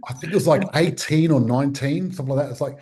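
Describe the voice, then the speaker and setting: A man's voice: mid-range voice, fast, darkish tone. Enthusiastic man hosting an interview. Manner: enthusiastic, brief affirmations. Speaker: host. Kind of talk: casual interview.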